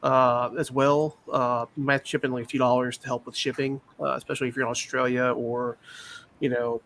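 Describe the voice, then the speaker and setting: A man from Louisiana hosting a casual podcast chat, joking and quick to laugh and apologize. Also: medium pitch, flat delivery, fairly bright tone, a little hiss or hum. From Louisiana, USA. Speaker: podcast host running giveaways.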